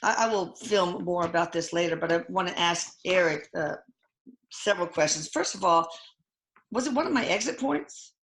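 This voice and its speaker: A woman's voice: fairly low pitch, a bit bright, echoey room. An older woman in casual conversation as host, retelling a hard experience with many halts and restarts. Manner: halting, emotional retelling with restarts. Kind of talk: casual chat.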